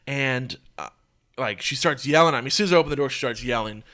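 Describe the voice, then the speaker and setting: A young man hosting a podcast, telling a story in a casual, profane, animated way. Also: medium pitch, quick pace. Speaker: podcast host.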